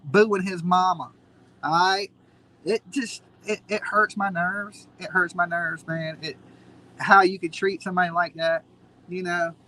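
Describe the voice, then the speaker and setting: A man's voice: sits high, pushed and bright, poor audio. A man hosting a live stream, ranting in a mocking, combative way. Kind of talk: heated casual commentary.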